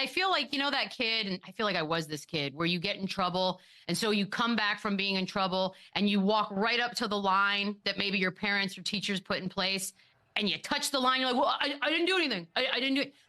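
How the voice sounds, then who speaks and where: A woman's voice: medium pitch, normal speed, sharp tone. A woman co-hosting a sports talk show, musing with some hesitation.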